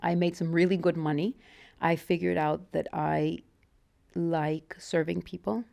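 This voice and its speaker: Low, gravelly-voiced Mexican woman recalling her past. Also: level tone, measured pace, dark tone. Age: 40s. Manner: reflective, candid, frequent restarts and fillers. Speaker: interview guest. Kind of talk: casual interview storytelling.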